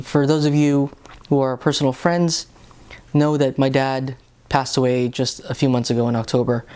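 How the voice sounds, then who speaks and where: A man's voice: medium pitch, a little mellow. A man giving an earnest, casual Bible reflection, speaking conversationally and often restarting his sentences. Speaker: lay reflection host.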